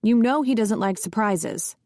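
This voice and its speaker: A woman's voice: mid-range voice, animated, unhurried, darkish tone, no echo, studio quality. A woman voicing a demanding, self-pitying middle-aged mother who is exasperated with her son. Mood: pushy exasperated. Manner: exasperated and pushy.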